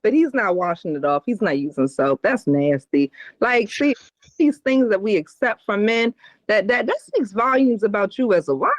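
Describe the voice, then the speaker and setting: Woman, podcast co-host, blunt, profane, animated pitch. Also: normal speed, dry recording, muffled recording. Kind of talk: casual chat.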